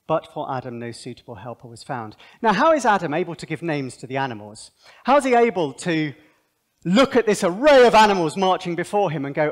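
A man giving a conversational Bible seminar talk, animated and thinking aloud with asides. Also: a little high, a little fast. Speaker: seminar speaker.

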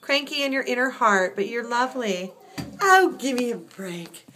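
A woman's voice: a little high, expressive, normal speed, pushed and bright, a little hiss or hum. Sing-song woman cooing at her cats. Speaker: cat owner. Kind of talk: casual talk to pets.

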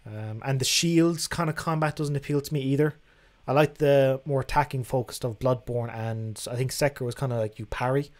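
A man's voice: mid-range voice, brisk. Chatty man hosting a livestream. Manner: chatty, frank, swears casually. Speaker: livestream host. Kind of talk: casual livestream chat reading viewer questions.

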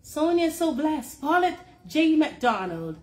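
A woman's voice: high voice, sing-song, takes it slowly, roomy sound. A woman hosting a casual livestream on a phone in a holder, laughing often as she reads out viewer names. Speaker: livestream host.

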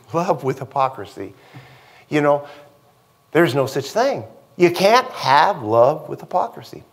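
A male pastor delivers a sermon in a church with an animated, conversational style, often checking in with the congregation. His voice sits high and swings widely in pitch as he preaches. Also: normal speed, breathy edge.

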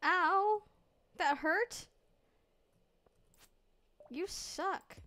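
Slow, playful young woman streamer. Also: on the high side. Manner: playful, talks to herself, mock-archaic phrases. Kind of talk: casual gameplay commentary. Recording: faint game music behind.

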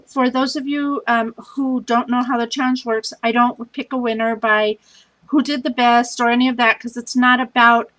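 A woman's voice: a little high, little pitch movement, normal speed, a bit bright, rough recording. A tired woman hosting a scrapbooking challenge vlog, chatting in a casual, scattered, self-deprecating way at home.

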